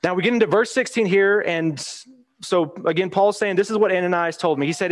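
A man with a slightly high voice teaches from the Bible. He talks plainly and conversationally, reading verses aloud and then explaining them in his own words. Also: fairly quick. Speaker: preacher.

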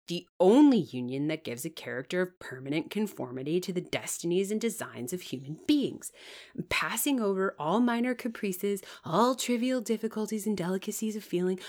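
A severe young clergyman, icy and insistent, read out by a woman in her own low voice. He pushes his argument with unbending, commanding firmness. The delivery stays measured and storybook-like. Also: lightly acted. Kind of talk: audiobook character reading.

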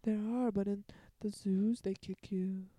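A young man co-hosting a podcast in casual chat, soft-spoken and low on energy from being sick. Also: steady tone, a little slow, no room sound. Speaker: podcast co-host, musician.

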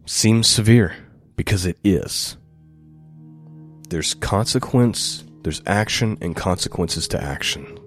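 A man's voice: low-pitched, slow pace, soft background music. A male pastor giving a sermon, reading scripture aloud with lifted emphasis and then explaining it in plain, conversational asides.

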